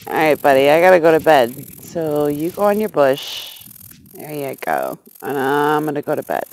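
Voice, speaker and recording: A woman's voice: low voice, lively intonation, normal speed, a little mellow, low-quality recording. A woman vlogging outdoors at night on her phone, gushing and giggling as she coaxes a grasshopper onto her hand. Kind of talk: excited casual vlog. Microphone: handheld phone camera.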